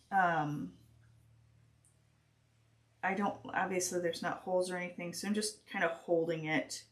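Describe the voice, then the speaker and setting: A woman teaching a stitching project on a live stream, talking slowly and hesitantly with many pauses and restarts while she works. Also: lowish voice. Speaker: craft teacher.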